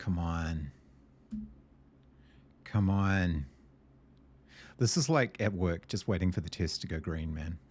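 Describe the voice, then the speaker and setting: Deep-voiced man thinking aloud over a puzzle game. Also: takes it slowly, long pauses, breathy edge. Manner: muttering to himself, hesitant, excitable. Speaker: gameplay video host.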